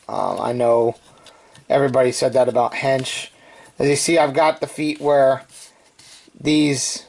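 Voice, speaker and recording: A man's voice: mid-range voice, darkish tone. Casual male toy reviewer, chatty and joking, mid-range voice.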